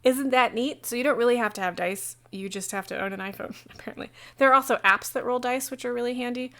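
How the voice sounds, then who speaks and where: A woman game master talking casually on a livestream about running a tabletop session, chatty and digressive, with quick asides. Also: fairly high pitch, a bit bright. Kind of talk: casual how-to talk on a livestream.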